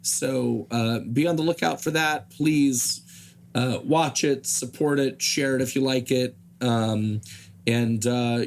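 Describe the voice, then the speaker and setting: A hoarse man talking as a podcast guest in casual chat, halting and filling pauses with "uh". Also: medium pitch, fairly even intonation, slight background noise. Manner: halting, with many fillers.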